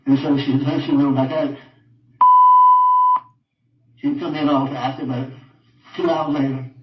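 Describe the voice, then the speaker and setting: An older man giving a halting personal account in an interview, repeating himself and often trailing off quietly. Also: mid-range voice, level tone, heavy background noise. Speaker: interviewed father. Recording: roomy, distant, dull audio.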